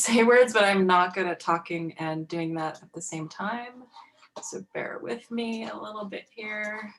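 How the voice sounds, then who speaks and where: A woman speaking as an artist in an online talk over a video call. Her pitch sits in the middle range. Her delivery is relaxed and conversational, with many fillers. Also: a little hiss or hum, low-quality recording. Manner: casual and chatty, many fillers.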